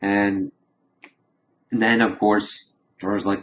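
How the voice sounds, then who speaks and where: A man's voice: lowish voice, normal speed, muffled recording, slight background noise. A man giving a casual, rambling review of a TV episode, retelling the scenes line by line. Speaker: TV show reviewer.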